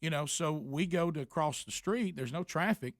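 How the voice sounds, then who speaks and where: A fairly high-voiced man hosting a radio talk show, telling a story with lots of restarts and quick shifts into the other people's voices. The sound is dry and close to the mic. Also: dry recording. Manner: animated, acts out both sides of a quarrel with many restarts.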